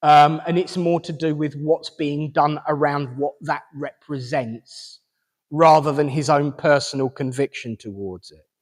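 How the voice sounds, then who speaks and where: Man medium in a reverberant hall. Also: medium pitch. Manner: chatty, hesitant, relaying messages with fillers and restarts. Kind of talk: mediumship reading at a service.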